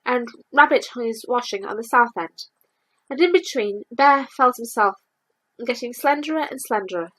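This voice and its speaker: A woman reading a children's storybook aloud, lively and expressive. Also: a little high, moderate pace, poor audio.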